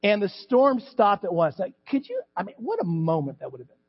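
A middle-aged male pastor preaching a sermon, animated, acting out voices from the scripture story. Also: high voice, brisk, husky. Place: church sanctuary. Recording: dull church recording with long reverb.

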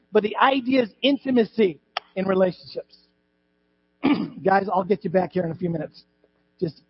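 A man's voice: high-pitched, breathy edge. A man preaching a conversational sermon as pastor in a church, repeating words and adding asides to the congregation. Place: church sanctuary. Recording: dull lo-fi with mains hum.

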